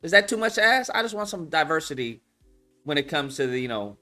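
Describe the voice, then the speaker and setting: A man giving casual commentary, animated and profane, repeating his points. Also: a little high, fast, soft background music. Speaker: online commentator.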